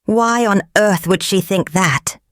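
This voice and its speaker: A woman voicing a calm, concerned male king in a storybook. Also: medium pitch, slow, dry recording, studio quality, pitched above the performer's own voice, lightly acted.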